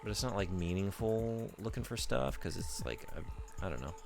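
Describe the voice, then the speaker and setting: A man with a Southern US drawl chats casually while streaming a game. He rambles and pokes fun at himself. His voice is very low and gravelly, with lively swings in pitch. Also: moderate pace, over music. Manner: rambling and self-deprecating, with laughs. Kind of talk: casual gaming stream chat.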